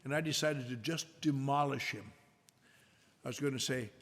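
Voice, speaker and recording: An older man telling a self-mocking story to an audience at a recovery meeting, with a wry, drawn-out delivery. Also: mid-range voice, a bit bright. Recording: echoey hall with faint noise.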